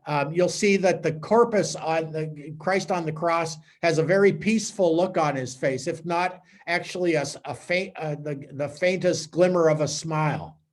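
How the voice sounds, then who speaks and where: A man, a priest, giving a conversational teaching talk to a small group with animated storytelling. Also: a little high, moderate pace, few pauses.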